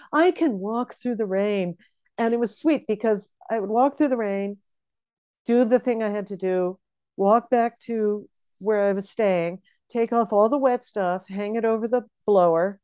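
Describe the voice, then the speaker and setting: Woman co-host, casual chat over a video call; warm, dry, sleepy but eager. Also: on the high side, smooth, no echo. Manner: enthusiastic, laughs often, repeats words. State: sleepy, yawning. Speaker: podcast co-host.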